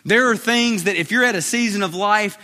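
High, bright-voiced pastor in his thirties. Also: a little fast. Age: 30s. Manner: conversational preaching, repeats phrases for emphasis. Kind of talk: sermon. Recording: reverberant hall.

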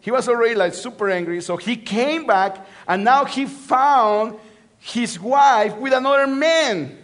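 Man preaching, high-pitched voice, animated sermon storytelling, repeats phrases, drops to hushed tones. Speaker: pastor.

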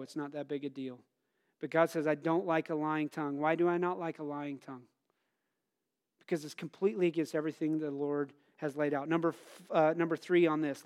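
A middle-aged man preaching a conversational sermon, asking the congregation questions and telling personal stories with bursts of loud emphasis. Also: on the high side. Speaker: pastor.

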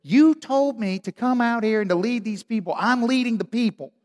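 A man's voice: very high-pitched, normal speed, a little mellow, long reverb tail, voice pushed up. A man voicing a bewildered male leader who pleads for help in a crisis. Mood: pleading.

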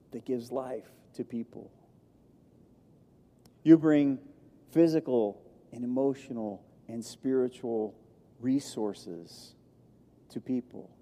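Man preaching with a dark, warm voice. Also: mid-range voice. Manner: emphatic, repetitive preaching cadence. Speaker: pastor. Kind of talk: sermon. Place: church sanctuary. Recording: long hall reverb.

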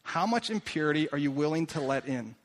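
A man voicing a calm, wise mother in a sermon story, speaking low and quietly. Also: fairly quick, lightly acted. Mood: firm.

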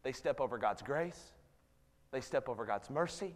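A man's voice: mid-range voice, expressive, moderate pace. A man in his thirties preaching a sermon as pastor, earnest and building to emphatic appeals. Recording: long hall reverb.

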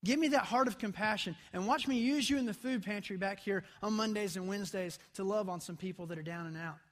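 High-voiced pastor preaching conversationally. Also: male voice, quick pace. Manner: conversational preaching, drops to soft intense tones. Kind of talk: sermon. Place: church sanctuary.

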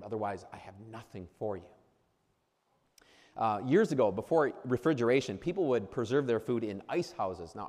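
A man's voice: medium pitch, a little mellow, in a large hall. A man preaching an earnest sermon to new ministers, hammering points through repetition, with frequent restarts. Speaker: pastor addressing new ministers.

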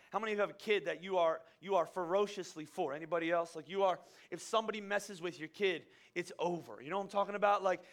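A man's voice: high voice, a bit bright. A middle-aged man preaching a sermon to a congregation, talking conversationally and rising to fervent emphasis. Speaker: pastor.

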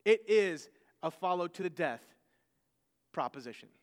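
A man's voice: sits high, lively intonation, unhurried. A man preaching a sermon, emphatic, often repeating and restarting his phrases. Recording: long hall reverb.

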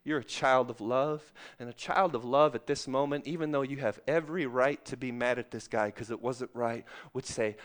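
A middle-aged man preaching a sermon, calling out to the congregation and swinging from loud, excited stretches to soft, hushed ones. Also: medium pitch, a little slow. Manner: calls out to the congregation.

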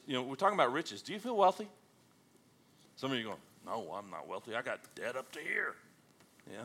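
Bright, lively male preacher. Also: medium pitch. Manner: animated, joking, calls out to the congregation. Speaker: pastor. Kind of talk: sermon.

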